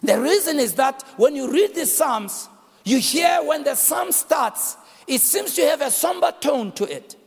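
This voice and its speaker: A man preaching a sermon, shouting and half-singing his lines and calling out to the congregation. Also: very high voice, lively intonation, measured pace, vocal fry. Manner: shouting, sing-song preaching with call and response. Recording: echoey hall with music behind.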